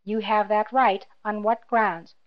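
A woman voicing a cold, menacing male imperial officer who speaks in a quiet, clipped, mocking tone, in a slightly dull lo-fi recording. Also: medium pitch, fairly even intonation, slow, close to an everyday voice.

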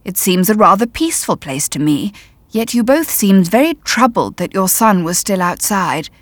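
A woman's voice: medium pitch, very animated, normal speed, no echo. A woman reading the part of an aloof, disdainful male traveller with a dry, lofty manner.

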